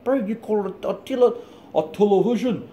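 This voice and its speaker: A cheeky, teasing New bloke, as a man puts him on, squeaking high and mocking. The voice jumps far above the speaker's own and gets louder. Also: fairly quick, lightly acted.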